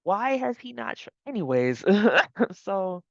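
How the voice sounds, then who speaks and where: A woman's voice: medium pitch, slow pace, gravelly, dry recording, dull audio. Chatty woman recapping reality TV. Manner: chatty, laughs often, animated asides. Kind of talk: casual reaction commentary.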